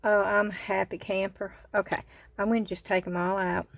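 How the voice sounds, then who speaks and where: A woman with a Southern US accent hosting a casual crafting vlog from her phone camera, gushing with excited exclamations. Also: medium pitch, normal speed, vocal fry, dry recording. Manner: excited exclamations, says y'all a lot. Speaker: craft channel host.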